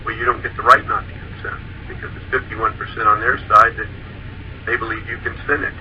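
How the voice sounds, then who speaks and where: A man's voice: on the low side, level tone, a little fast. A man hosting a casual conversation, who speaks hesitantly and with many fillers. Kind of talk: casual interview chat. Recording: dull lo-fi audio with noise.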